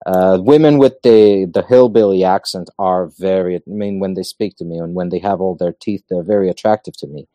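A man talks in a low, dark, mellow voice. He builds his points in emphatic lists. The sound is close and dry. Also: brisk, few pauses, no room sound. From Macedonia. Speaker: guest. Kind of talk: casual podcast conversation.

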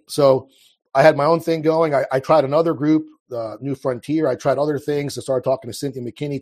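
Husky-voiced man in his thirties. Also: on the high side, a little mellow. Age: 30s. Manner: rambling, restarts, frequent fillers. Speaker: interview guest. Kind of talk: casual rambling personal story.

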